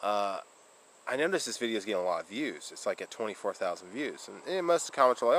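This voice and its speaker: A man's voice: fairly low pitch, lively intonation, quick pace, a bit bright, a little hiss or hum, poor audio. A man vlogging casually, rambling through a story with fillers, restarts and laughs.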